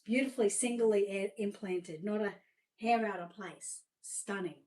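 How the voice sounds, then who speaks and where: A woman's voice: medium pitch, unhurried, darkish tone, low-quality recording. An Australian woman hosts a live sales showcase, gushing over each item as she talks. Her speech is chatty and loose, full of little fillers and restarts. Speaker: seller presenting reborn dolls.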